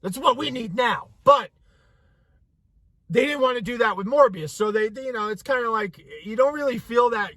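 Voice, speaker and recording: A man with a fairly high voice reviews a movie in casual chat. He rants with swearing and slips into voices for the characters as he retells the plot. The sound is dry and close, with no room echo. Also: normal speed. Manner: animated, profane, acts out characters mid-story.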